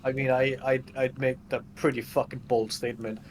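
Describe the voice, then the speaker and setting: A man's voice: mid-range voice, flat delivery, brisk, slight background noise. A man taking part as a player in a tabletop role-playing game, formal in character and casual out of it.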